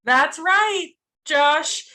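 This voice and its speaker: Woman playing a chirpy kids' show co-host, high bright voice, slow. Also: animated, full character voice. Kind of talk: improv comedy scene.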